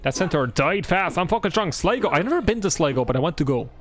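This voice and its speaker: A man's voice: fairly high pitch, big pitch swings, fast talker. A man with an Irish accent, chatting casually and swearing a lot while he streams a game, rambling and joking about himself. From Ireland. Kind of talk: casual live gameplay chat.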